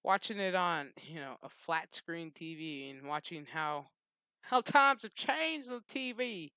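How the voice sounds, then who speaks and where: A man with a high, bright voice rants at length, loose and profane, chuckling between thoughts. His voice comes through smooth and clear on a dry, close recording. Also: expressive, measured pace, no room sound. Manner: loose, swearing, laughing. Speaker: channel host. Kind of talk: casual rant to camera.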